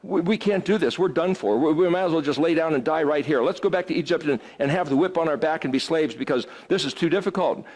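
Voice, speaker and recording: A man's voice: fairly high pitch, fast, hardly any pauses, a little mellow, natural voice. A man voicing despairing biblical spies, whiny and stammering.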